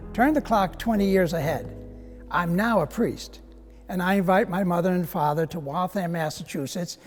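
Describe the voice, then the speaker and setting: A priest in his seventies tells a story in a gently humorous, storytelling manner, his voice pitched high for a man. A long hall reverb hangs on his words, with quiet music underneath. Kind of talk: Easter message.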